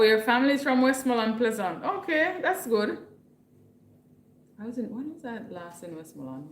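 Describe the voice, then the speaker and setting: A woman's voice: on the low side, reverberant. A woman from Jamaica with a Jamaican accent, hosting a casual livestream at home and chatting with viewers while reading their comments aloud. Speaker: livestream host.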